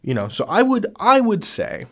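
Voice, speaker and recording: A man teaching grammar in a relaxed, conversational lesson, enthusiastic and full of fillers and restarts, recorded as a close voice-over. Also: high-pitched, moderate pace.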